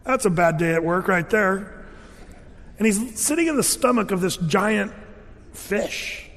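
A man with a high voice preaches a sermon, telling stories with lively voiced quotes and playful sound effects. His voice rings out in a large hall with a long reverb. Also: moderate pace. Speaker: pastor.

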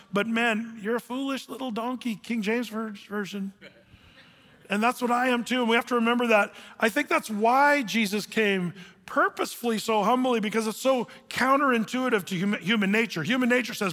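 A male pastor preaching a lively, humorous sermon in a folksy storytelling manner, in a hall with long reverb. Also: very high-pitched, normal speed.

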